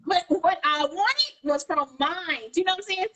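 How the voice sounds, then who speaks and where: A woman co-hosting a podcast in casual chat, telling animated stories and acting out what people said. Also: extremely high pitch, normal speed, poor audio. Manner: animated storyteller, acts out quoted dialogue. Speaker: podcast co-host.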